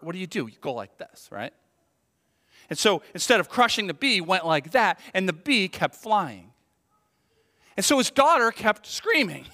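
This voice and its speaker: A man preaching a sermon as pastor, telling a story with lively, acted-out voices and dropping to hushed tones. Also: fairly high pitch. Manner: animated storytelling, acts out voices in the story, swings from loud to hushed. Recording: long hall reverb.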